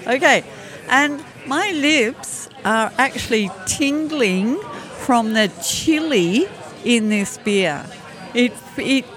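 A woman co-hosts a podcast in casual chat, talking slowly in a slightly high voice. She is chatty, often trails off and searches for words. Her voice is recorded in a busy brewery taproom with loud crowd chatter behind her. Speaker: podcast co-host.

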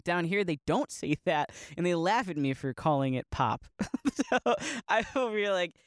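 A man's voice: sits high, expressive, normal speed, fairly bright tone, clean tone, no room sound, studio quality. Rambling, laughing man. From Northeast Ohio. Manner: rambling, laughs often, many likes and restarts. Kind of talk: casual monologue.

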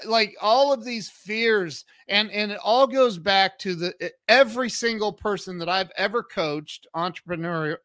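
Guest spot: a high, bright-voiced man, animated storyteller, recorded close and dry. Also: no echo. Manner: animated storyteller, acts out quotes. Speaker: guest, entrepreneur and coach. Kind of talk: casual podcast interview.

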